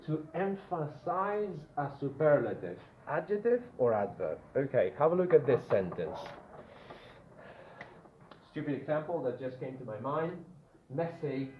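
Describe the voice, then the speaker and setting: A man's voice: a little high, very animated, a little slow. A man gives a grammar lesson to a classroom, often stopping to check in with the students. The sound is echoey and phone-like, with a faint hiss under his voice. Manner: checks in with the class, frequent "yeah?". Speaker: teacher.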